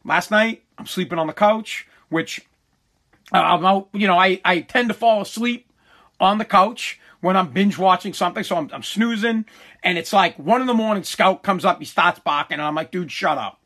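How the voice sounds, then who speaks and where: A man's voice: high voice, normal speed. A man ranting in a casual, comic way, exasperated and griping, often stammering and repeating his words. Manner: shouts when quoting himself.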